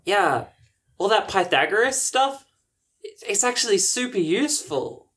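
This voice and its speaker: A woman's voice: mid-range voice, sing-song, measured pace, a bit bright. A woman voicing an earnest, anxious young schoolboy who talks shyly in a tabletop game. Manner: shy, earnest.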